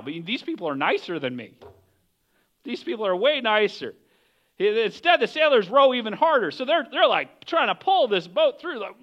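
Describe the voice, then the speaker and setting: A man's voice: sits high, big pitch swings, normal speed, dull audio. A man preaching a conversational sermon, often asking the listeners questions. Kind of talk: casual sermon.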